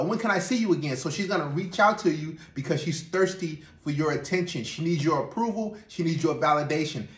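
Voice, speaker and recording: A man's voice: high-pitched, fairly bright tone, roomy sound. A man hosting a podcast, giving dating advice in a direct, instructive way. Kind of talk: podcast commentary.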